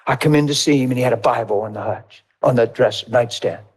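A middle-aged man preaching, telling his testimony in a lively, conversational way and acting out dialogue. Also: mid-range voice, fast, breathy edge. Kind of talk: testimony sermon, storytelling.

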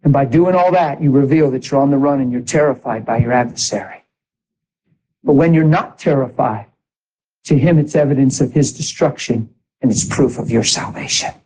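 A man preaching a sermon in an animated way, exhorting the congregation with asides. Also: mid-range voice, normal speed, slightly rough, rough recording.

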